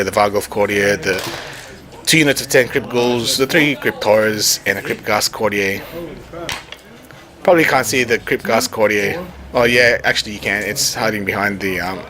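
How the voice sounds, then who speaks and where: A man with a fairly low voice talks through a tabletop wargame in a relaxed, explanatory way, often pausing and restarting his sentences. Loud crowd chatter fills the background of a busy gaming venue. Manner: hesitant, stops and restarts phrases often. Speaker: tabletop wargame player recording a battle report. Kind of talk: casual explanatory narration over a tabletop game.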